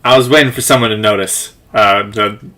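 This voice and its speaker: A man's voice: fairly low pitch, fairly even intonation, fairly quick, sharp tone. A man acting as game master, explaining rules and narrating a figure's moves.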